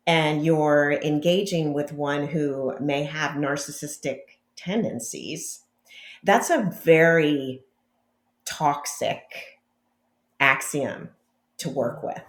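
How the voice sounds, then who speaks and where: A woman guest on a podcast interview, telling her story in a slow, reflective, candid way. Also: sits low. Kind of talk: conversational interview. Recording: echoey room audio.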